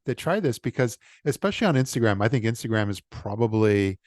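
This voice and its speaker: A man hosting an interview, asking questions quickly with many fillers and short affirmations. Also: fairly low pitch, animated, a little mellow, no room sound, studio quality. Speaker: interviewer, host. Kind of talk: casual interview chat.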